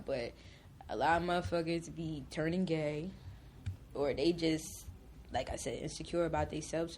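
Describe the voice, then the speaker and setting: A woman's voice: low-pitched, a little mellow, a little hiss or hum. Drawling woman with a slight lisp. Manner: drags out her words. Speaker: interview guest. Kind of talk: casual candid chat.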